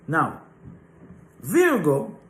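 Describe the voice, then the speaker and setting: A man's voice: fairly high pitch, huge pitch swings, extremely slow, a bit bright. A man teaching an informal spiritual class, talking emphatically and often checking in with "right?" and rhetorical questions. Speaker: Kabbalah teacher. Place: class room, live and online. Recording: roomy echoey room.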